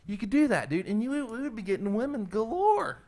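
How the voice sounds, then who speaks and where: Host type, male, high voice, excitable, slangy, full of big ideas. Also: brisk. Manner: excitable, pitching schemes, slangy. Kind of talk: casual group chat.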